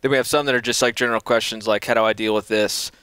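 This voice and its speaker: A man from the production team talks fast in a smooth, clear voice, sprinkling his sentences with fillers. The sound is dry and close to the mic. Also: fairly low pitch, fairly even intonation, fairly bright tone, dry recording. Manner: conversational, filler-heavy. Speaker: show team member. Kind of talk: casual studio chat.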